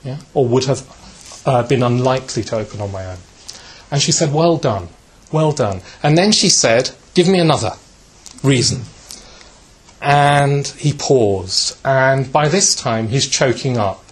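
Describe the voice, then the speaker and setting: A man giving a reflective spiritual talk, telling a story gently and unhurriedly, with many fillers and a habit of asking "yeah?", and shifting his pitch to voice the people in it. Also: lively intonation, a little slow.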